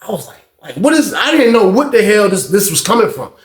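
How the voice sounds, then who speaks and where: A man's voice: high-pitched, sing-song, a little fast, reverberant. A man in his thirties casually telling a story, full of slang and "like" and "man". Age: 30s.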